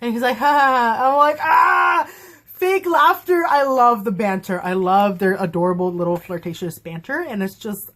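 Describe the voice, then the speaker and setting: A young adult woman vlogging a casual, excited fan review of a TV episode, gushing and giggling as she rambles with lots of fillers. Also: medium pitch, moderate pace.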